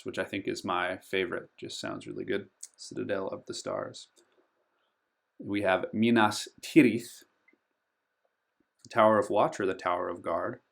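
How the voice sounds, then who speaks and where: A man with a gravelly, somewhat low voice gives a pronunciation tutorial and speaks in an unhurried, measured way. He stretches out and stresses each name he teaches and pauses often with ums between them. He sounds like a hobbyist host talking into a desktop mic. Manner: slow and careful, stretching out the names he teaches, with frequent ums. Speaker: board game channel host. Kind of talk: pronunciation tutorial over a map.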